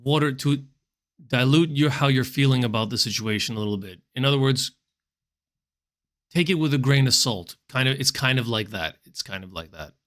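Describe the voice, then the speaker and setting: A man's voice: mid-range voice, normal speed. Man musing as he reacts to clips. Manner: relaxed, musing, wordy with fillers. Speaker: vlogger. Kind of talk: casual commentary reacting to clips. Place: home.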